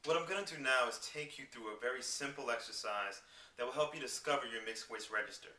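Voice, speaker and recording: A man giving a singing lesson, explaining clearly and demonstrating vocal scales on simple syllables. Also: mid-range voice, fast talker, pushed and bright, distant mic. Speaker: singing teacher. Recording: roomy sound with piano behind. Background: piano accompaniment.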